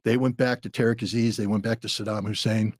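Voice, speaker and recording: A man's voice: on the low side, flat delivery, fast talker, a little mellow, no echo, studio quality. A man in his sixties, a former weapons inspector and podcast guest, telling a story bluntly and acting out the dialogue. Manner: blunt, vivid retelling with dialogue.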